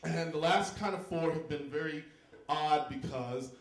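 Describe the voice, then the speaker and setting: A man from Texas doing stand-up comedy in a live venue, campy and loud, jumping into shrieking high squeals for punchlines. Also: unhurried, roomy sound.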